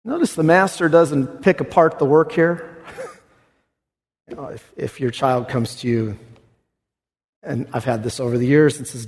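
A man preaching an expository sermon, animated, swinging from hushed tones to exclamation. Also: medium pitch, measured pace, long pauses, breathy edge. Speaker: pastor. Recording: reverberant hall.

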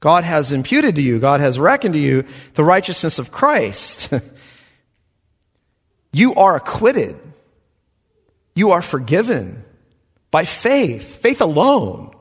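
A man, a pastor, preaching an emphatic expository sermon with soft chuckles. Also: mid-range voice, slightly rough. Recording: reverberant hall.

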